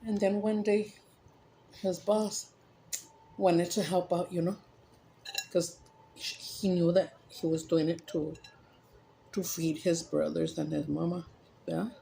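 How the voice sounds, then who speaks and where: Brief: woman vlogger, relaxed mellow voice, rambling storyteller, faint background hiss. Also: lowish voice, slow, gravelly, pauses often. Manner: rambling, animated joke-telling with frequent self-corrections. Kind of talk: casual storytelling.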